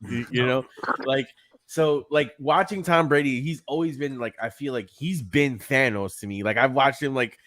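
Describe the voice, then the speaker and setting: A man's voice: medium pitch, normal speed, a bit bright. A man chatting about sports on a podcast, rambling with lots of fillers. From United States. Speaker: podcast analyst. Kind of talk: casual sports talk.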